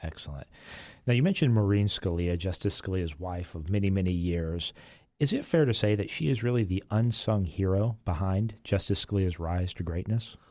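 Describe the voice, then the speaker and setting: Deep-voiced male interviewer, dry sound. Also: lively intonation, a little mellow, dry recording. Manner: measured, formal questioning. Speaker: podcast host and interviewer. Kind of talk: interview questions.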